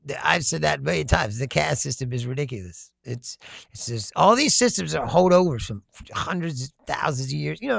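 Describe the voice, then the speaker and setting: A man's voice: fairly high pitch, gravelly, a bit bright, dry recording, clean studio sound. An American man hosting a casual political livestream, reading chat comments aloud, swearing freely and laughing often. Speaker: livestream host.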